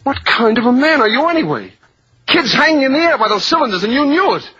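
A man's voice: very high-pitched, big pitch swings, fast, bright, forceful tone, heavily acted. An actor playing a young soldier son who is anguished and bitter at his father, in a 1940s film drama. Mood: accusing. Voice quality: husky, impassioned. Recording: dull old film soundtrack.

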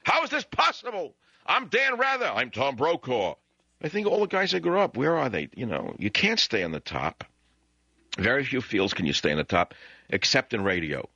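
Low forceful New York radio host. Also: male voice, no echo, muffled recording. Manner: ranting, sarcastic, with sudden rising outbursts. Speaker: radio talk show host. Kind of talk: opinionated talk radio monologue.

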